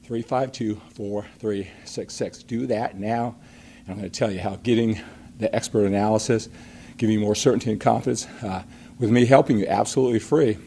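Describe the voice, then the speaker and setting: A man's voice: fairly low pitch, fairly even intonation, fairly quick, dark tone, slight background noise. A middle-aged man hosting a live workout stream, coaching emphatically and asking rhetorical questions, a little out of breath after a set. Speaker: fitness coach and live show host.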